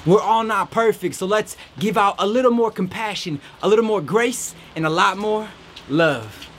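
This man's voice sits high with a fairly bright tone, at normal speed over slight background noise. He's a podcast host outdoors in the rain giving a faith-based pep talk that's upbeat and preachy, occasionally in a mock reporter voice, while rain falls and faint music plays.

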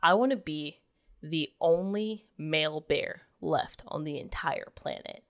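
A woman's voice: low-pitched, unhurried, dry recording, clean studio sound. A woman voicing a boastful, crude male bear in a joke she tells, brash and swearing. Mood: cocky.

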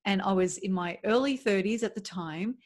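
A woman's voice: medium pitch, normal speed, a little mellow. A woman in her forties from Australia with an Australian accent, hosting a podcast in a candid, chatty motivational monologue full of "like" and "right?". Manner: open, chatty, many "like" and "right?". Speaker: podcast host.

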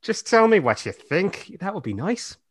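A man's voice: high-pitched, sing-song, normal speed, fairly bright tone, pitched above the performer's own voice, heavily acted. A man reading as a sassy skeptical woman. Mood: sarcastic. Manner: cynical, sarcastic.

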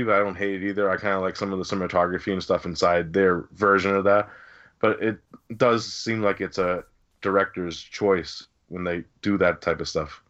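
Laid-back male podcaster, lowish voice, rambling, lo-fi muffled audio. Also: fairly bright tone. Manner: easygoing, rambling with fillers like "you know". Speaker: podcast co-host. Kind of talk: casual film review chat. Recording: dull lo-fi sound.

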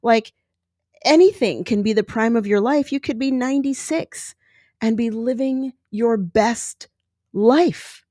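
A woman's voice: fairly high pitch, a little slow, warm tone, no room sound, studio quality. A woman in her forties hosting a podcast, speaking candidly and emotionally in a personal monologue. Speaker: podcast host.

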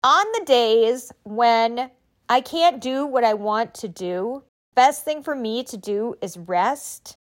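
Emphatic, encouraging woman giving a pep talk. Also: on the high side. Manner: emphatic, encouraging, with rhetorical questions. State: recovering from illness. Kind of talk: motivational talk.

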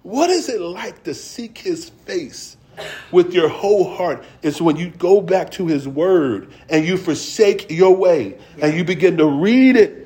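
A middle-aged male preacher with a fairly high voice, delivering a sermon in a folksy, conversational way. He draws out scripture verses slowly, then speeds up into casual family stories and laughs easily as he tells them. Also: lively intonation, warm tone.

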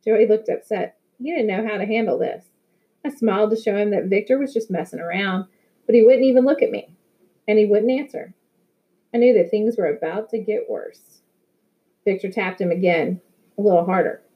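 A woman reading a novel aloud in a steady, plain storytelling manner. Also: medium pitch, normal speed, dull audio. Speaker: audiobook reader.

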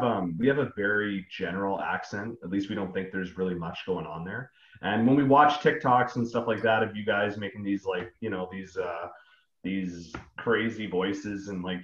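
Laughing male co-host in a roomy, muffled mic. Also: lowish voice. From Western Canada. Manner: laughing, animated storyteller. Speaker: podcast co-host. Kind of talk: casual podcast chat. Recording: roomy, dull-sounding mic.

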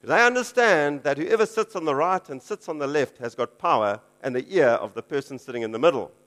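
A man's voice: a little high, animated, fairly quick, a bit bright. A man voicing eager, ambitious male disciples asking for favor in a sermon retelling. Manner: wheedling, self-seeking.

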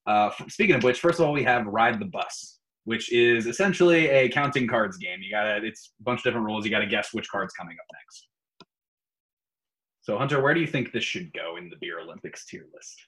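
A man's voice: lowish voice, brisk, poor audio. A man co-hosting a casual podcast, reading out riddles and running a playful tier-list segment. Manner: animated quiz-giver, playful. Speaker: podcast co-host.

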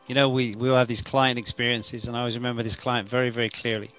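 A man's voice: medium pitch, level tone, quick pace, fairly bright tone, faint music behind, poor audio. A man, hosting a casual podcast and telling a long, rambling story about a client. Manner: rambling storyteller, repeats words, laughs easily.

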